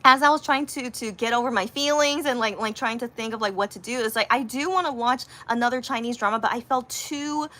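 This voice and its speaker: Woman, casual storytelling, rambling, animated, bright voice, a little high. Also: fairly quick, hardly any pauses. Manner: chatty, rambling, many fillers and restarts; animated, acts out quotes in a higher voice. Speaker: livestreamer.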